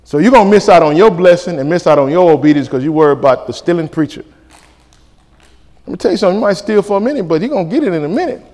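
High-pitched preaching man in an echoing hall. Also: rapid-fire. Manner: animated preaching in vernacular, acting out dialogues. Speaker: pastor. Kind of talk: sermon. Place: church sanctuary. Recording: reverberant church hall.

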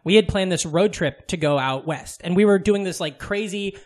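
A man with a notably high voice tells a winding anecdote on a podcast. He wanders through fillers and false starts and swears casually as he goes. The talk stays loose and conversational. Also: normal speed. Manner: rambling storyteller, swears freely, full of fillers and restarts. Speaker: podcast co-host.

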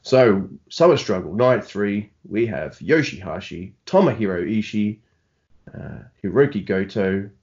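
A man's voice: fairly low pitch, expressive, a little slow, a little mellow, dull audio. A man hosting a podcast in casual chat, laid-back and teasing. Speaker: podcast host.

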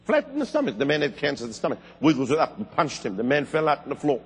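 A middle-aged man preaching a sermon, telling stories with fervor and sudden high, loud bursts. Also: wildly swooping pitch, fast, breathy edge. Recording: long hall reverb.

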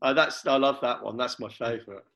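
A man chatting with friends in a quick, playful, joking way. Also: mid-range voice, steady tone, a bit bright. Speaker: podcast regular. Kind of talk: casual chat.

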